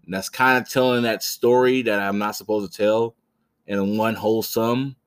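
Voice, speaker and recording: A man in his thirties with a fairly low voice hosts a casual wrestling podcast. He rambles through a story with frequent restarts and blunt, profane asides. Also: fairly even intonation, normal speed, smooth. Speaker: podcast host.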